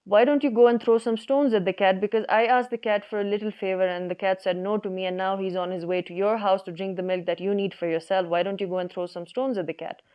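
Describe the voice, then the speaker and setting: A woman's voice: mid-range voice, fairly even intonation, fast, few pauses, clear, resonant tone, lightly acted. A woman voicing a small, sad female bird who pleads politely and hesitantly, with many fillers, in a storytelling recording. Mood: pleading. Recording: dull lo-fi recording.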